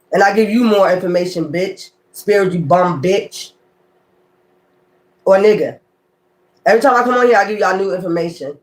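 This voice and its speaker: High-voiced man in a profane rant. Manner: profane, confrontational, repeats taunts; dismissive, calls critics weirdos. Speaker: tarot reader. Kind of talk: unscripted tarot channel rant.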